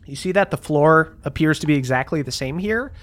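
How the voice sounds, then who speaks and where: Acting as game master in a tabletop game, a man narrates scenes in a relaxed, loose way, full of "like" and "um." His voice is fairly high in pitch and his pace is brisk.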